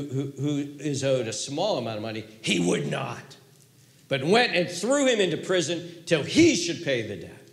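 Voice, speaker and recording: A male pastor preaching a sermon, telling a story in an animated way that swings from hushed to loud. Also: mid-range voice, echoey room.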